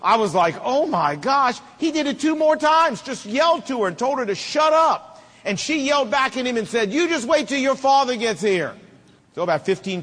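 A man's voice: high-pitched, a bit bright, in a large hall. A middle-aged man preaching a sermon, with emphatic, repetitive rhetoric and folksy humor. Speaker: pastor.

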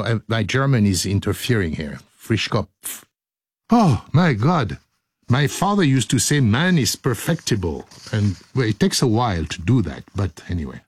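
A man's voice: fairly low pitch, husky, no room sound, studio quality. A middle-aged man hosting a radio show, joking and laughing his way through outtakes and retakes. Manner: playful, giggly, self-mocking.

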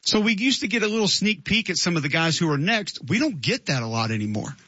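A man's voice: high-pitched, big pitch swings, fast talker, pushed and bright, husky, dry recording, dull audio. A man hosting a sports radio show, giving conversational, opinionated takes. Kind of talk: radio talk show monologue.

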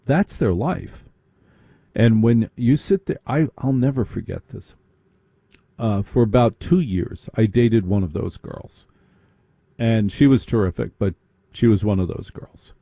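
Dark-voiced man telling a comic story. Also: lowish voice, animated, measured pace, creaky, breathy edge, no room sound. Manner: mocking, breaks into put-on preppy voices.

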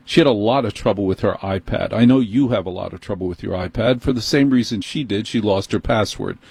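A husky-voiced radio host with a New York accent, close on a studio mic in a dry booth. He tells his story in an animated, indignant way. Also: lowish voice, brisk, no echo. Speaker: radio talk show host. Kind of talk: call-in talk radio monologue. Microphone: studio microphone.

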